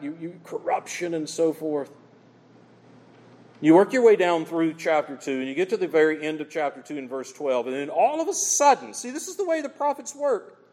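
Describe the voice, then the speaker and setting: Man, pastor, emphatic sermon, high and very animated voice, echoing church hall. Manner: emphatic preaching, quoting scripture dramatically.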